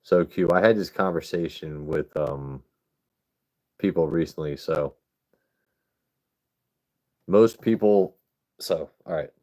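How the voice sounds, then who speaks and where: A man with a very low voice hosts a casual livestream. He rambles loosely from one thing to the next and swears freely as he talks to viewers in chat. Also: slow, long pauses, dark tone. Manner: rambling, profane, chatting with viewers. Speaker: livestream host.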